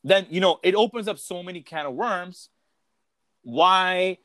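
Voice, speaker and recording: A man in casual podcast chat, a salesperson talking in a relaxed way and laughing easily. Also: high voice, a little fast, no room sound.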